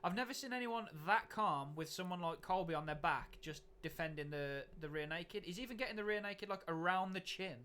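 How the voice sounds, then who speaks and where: Slightly high-voiced agreeable man. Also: a little fast, few pauses, bright, forceful tone, clear, resonant tone. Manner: agreeable, backchannels a lot. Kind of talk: casual chat.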